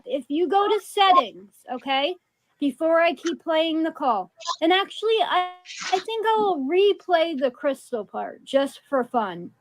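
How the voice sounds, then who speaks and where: A woman's voice: very high-pitched, very animated, measured pace, rough recording. A woman talking casually and defensively on a call, indignant about being blamed.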